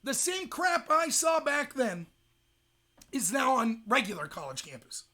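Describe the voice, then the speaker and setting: High-voiced fast-ranting young man. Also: very animated, sharp tone. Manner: rapid, ranting, emphatic. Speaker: host. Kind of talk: livestream commentary.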